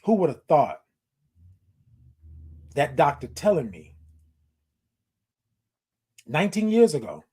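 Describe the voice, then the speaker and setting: A man's voice: a little high, wildly swooping pitch, slow pace, pauses often, warm tone, slightly rough. A man in his forties hosting a live stream, talking casually and affectionately to his viewers, repeating his phrases for emphasis. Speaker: host of a live-stream show.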